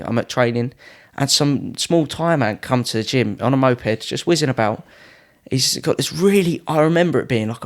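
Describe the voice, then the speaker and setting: A young man in his twenties, a podcast guest telling anecdotes in a casual way and acting out other people's lines in a raised voice. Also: mid-range voice. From United Kingdom. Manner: lively, acts out quoted people in a raised voice. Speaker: podcast guest, Muay Thai fighter.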